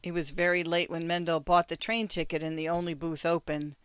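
A reader narrating a short story as an audiobook, measured and steady. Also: mid-range voice, smooth, no room sound.

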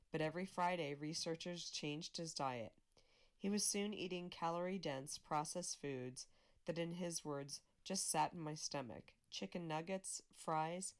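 A woman volunteer reader reading a magazine article aloud in a steady, measured way, with small slips she corrects herself. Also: low voice.

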